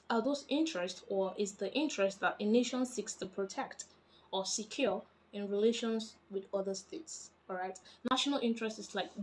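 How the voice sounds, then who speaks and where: A woman, chatty and emphatic, explaining international politics in a casual vlog. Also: medium pitch. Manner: chatty and emphatic, animated when making points.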